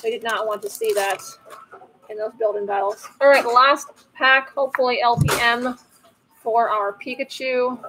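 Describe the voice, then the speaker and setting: A playful woman with a fairly high voice chats casually as she opens card packs. Her commentary is loose and joking. A faint hiss sits under her voice. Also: steady tone, normal speed. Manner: chatty and playful, jokes about the cards. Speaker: host of a card-opening channel.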